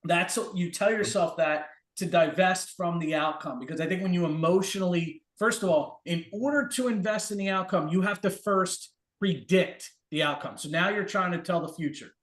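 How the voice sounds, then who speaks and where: A man's voice: sits high, moderate pace, hardly any pauses. A man speaking as a podcast guest, giving emphatic, motivational advice in casual conversation. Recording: echoey room.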